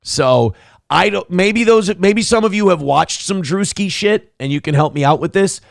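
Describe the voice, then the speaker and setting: Gravelly, lively-voiced sarcastic male show host. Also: sits high, moderate pace, dry recording, studio quality. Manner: profane, sarcastic, rambling riffs. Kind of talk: casual comedic commentary.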